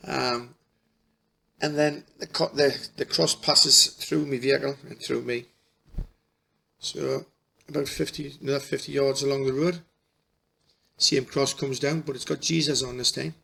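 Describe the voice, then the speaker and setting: A middle-aged man telling a personal story in a halting, emotional way, restarting his sentences often. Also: medium pitch, steady tone, gravelly, pushed and bright, husky. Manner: halting, repeats and restarts, folksy dialect. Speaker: spiritual healer.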